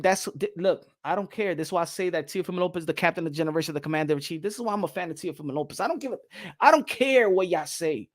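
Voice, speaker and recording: A man hosting a boxing show, talking in an animated, rambling way and slipping into Spanish. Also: sits high. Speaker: boxing podcast host. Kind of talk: casual boxing commentary.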